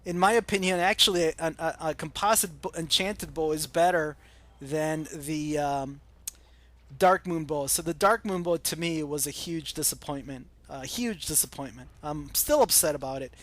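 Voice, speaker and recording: Hesitant American man with a slightly high voice. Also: moderate pace, fairly bright tone. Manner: hesitant, many ums and uhs. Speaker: gaming channel host. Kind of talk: casual chat answering viewer comments.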